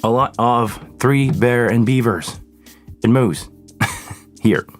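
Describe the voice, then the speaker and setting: A man's voice: medium pitch, slow, soft background music. Chatty man hosting a stream. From Canada. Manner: chatty, greets viewers by name, jumps between thoughts. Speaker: live sound engineer hosting a Q&A stream. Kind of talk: casual live-stream chat. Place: home studio with mixing console.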